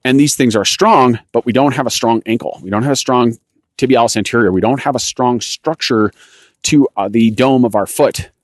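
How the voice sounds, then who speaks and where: A man's voice: medium pitch, moderate pace, no room sound. A man hosting a cycling coaching podcast, explaining technique in a loose, self-correcting way while walking a rocky trail outdoors. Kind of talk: instructional podcast monologue.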